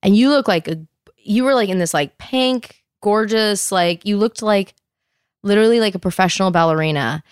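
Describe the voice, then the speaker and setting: A woman in her thirties tells animated stories in casual chat, dropping "like" into every sentence and acting out each quote. Her middling-pitched voice is clean at normal speed, recorded close on a mic in a dry room with no echo.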